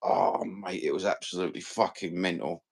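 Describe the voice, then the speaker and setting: Cockney man, lowish voice, dry close sound, rambling fan-channel host. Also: moderate pace, gravelly, no echo. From London. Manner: animated, swearing, rambling slang-filled rant. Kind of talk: casual live-stream chat.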